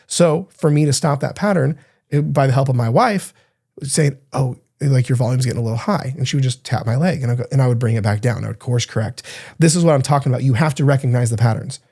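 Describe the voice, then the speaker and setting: A man in his thirties, a podcast host and coach, talking solo in a casual, energetic, chatty way. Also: mid-range voice. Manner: energetic, talkative, casual swearing.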